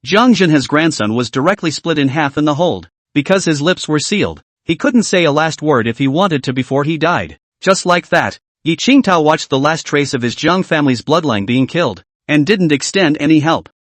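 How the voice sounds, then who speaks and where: A man's voice: on the high side, animated, normal speed, hardly any pauses, no room sound. A man narrating a dramatic story recap in a scripted way.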